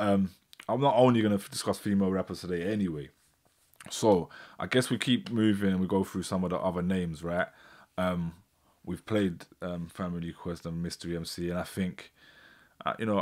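A man hosts a live stream in a loose, chatty way. His voice sits on the low side, and his talk is full of fillers as he works through technical trouble. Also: a little fast. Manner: chatty, frustrated with tech glitches. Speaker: host. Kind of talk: casual live stream chat.

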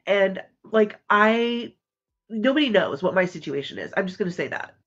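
A woman talking hesitantly in halting casual stream chat. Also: medium pitch, expressive, highs cut off.

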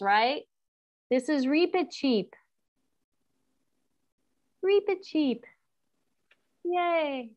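Female teacher, read-aloud for a class; slow, fairly high, casual asides. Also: lo-fi sound. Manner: unhurried, chatty asides, corrects slips. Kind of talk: reading a children's novel aloud to a class. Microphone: class recording.

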